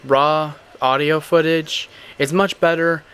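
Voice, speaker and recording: Young male podcast host, smooth clear voice, blunt and rambling. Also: fairly high pitch, steady tone, slow, a bit bright. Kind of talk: casual podcast chat.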